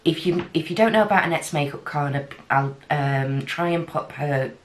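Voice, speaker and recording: A woman from the UK chatting casually through a makeup unboxing, giddy, with gasps and breathy exclamations. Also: sits low, moderate pace. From United Kingdom. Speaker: beauty vlogger.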